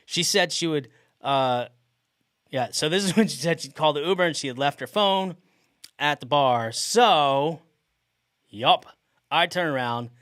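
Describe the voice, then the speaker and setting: A man's voice: fairly high pitch, expressive, measured pace, long pauses, a bit bright, no room sound, studio quality. A middle-aged man hosting a podcast, telling a story in a casual way and often laughing mid-sentence. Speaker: podcast host.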